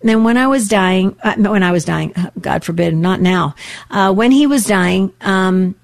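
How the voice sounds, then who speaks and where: A woman's voice: mid-range voice, lively intonation, normal speed, gravelly, no room sound. A woman in her sixties hosting a call-in radio show, telling stories in an earnest, rambling way. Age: 60s.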